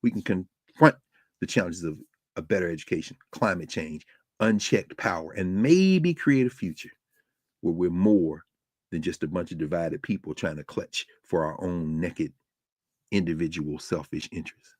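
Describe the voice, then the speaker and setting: A man's voice: sits low, lively intonation, normal speed, darkish tone, dry recording, studio quality. A man hosting a podcast, delivering a rhetorical spoken essay with a preacherly cadence. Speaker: podcast host.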